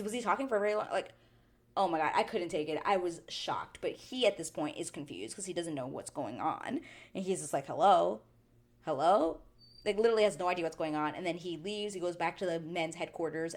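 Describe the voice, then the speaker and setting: A woman hosting a chatty reality show recap, animated and quick to act out the people she talks about. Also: on the low side. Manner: animated, chatty, drops into quoted voices. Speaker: TV recap vlogger.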